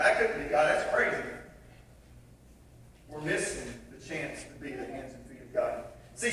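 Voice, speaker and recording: Captured from far away in a big, echoing church sanctuary, a man's high-sitting voice delivers a sermon over slight background noise. The pastor acts out voices as he tells a story and laughs at his own expense.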